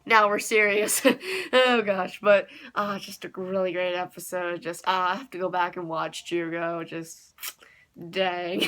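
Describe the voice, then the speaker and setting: A woman's voice: mid-range voice, fairly bright tone. A young woman giving a casual anime episode review, gushing and giggly, with frequent laughs and fillers.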